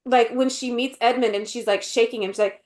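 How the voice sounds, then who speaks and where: A woman co-hosting a podcast in casual chat, animated and full of fillers, often acting out quotes. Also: a little high, a little fast. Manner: animated, acts out quotes in voices, many fillers. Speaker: podcast co-host.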